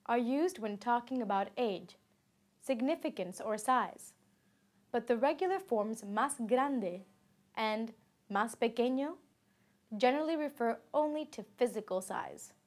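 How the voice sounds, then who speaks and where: A woman narrates a language lesson in a slow, deliberate way, her voice sitting a little higher than most. She reads example sentences and their translations with careful, even pacing, like a recorded textbook course.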